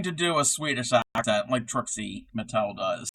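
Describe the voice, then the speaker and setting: Bright-voiced chatty male streamer. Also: mid-range voice, lively intonation, moderate pace, hardly any pauses, poor audio. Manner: chatty, reads chat aloud, laughs often. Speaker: streamer crocheting live. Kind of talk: casual livestream chat.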